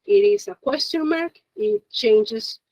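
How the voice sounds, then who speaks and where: A high-pitched woman leads an online beginner language lesson. Her voice sounds close and dry, with no room echo. She keeps asking her students "okay?" and "yes?" to keep them with her. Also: takes it slowly, darkish tone. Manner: encouraging, checks in often with "okay?" and "yes?". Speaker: Japanese teacher. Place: Japanese language school in Monterrey. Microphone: video call.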